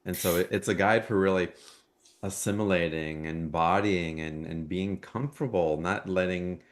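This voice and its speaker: A man's voice: low voice, normal speed. A man hosting a live spiritual call, affirming and encouraging, reading out offers and calling on callers. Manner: affirming, soft-spoken, encouraging. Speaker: host.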